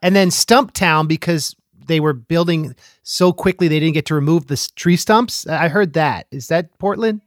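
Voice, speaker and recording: A man's voice: on the high side, moderate pace, hardly any pauses, no echo, clean studio sound. A man hosting a podcast, asking questions with enthusiastic short reactions. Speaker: podcast host. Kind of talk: casual interview chat.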